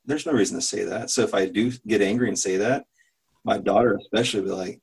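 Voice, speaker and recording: A man's voice: on the low side, fast talker, breathy edge, rough recording. A man and father candidly sharing his experience in a group talk, laughing often and restarting his sentences. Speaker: program participant and father.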